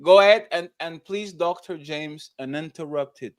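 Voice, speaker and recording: A man's voice: on the high side, measured pace. A man moderating a panel discussion, talking animatedly and steering who speaks next.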